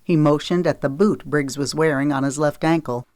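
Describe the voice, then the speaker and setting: A woman narrating a romance audiobook in a steady, measured storytelling voice on a close studio mic. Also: low voice, no room sound. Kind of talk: scripted narration.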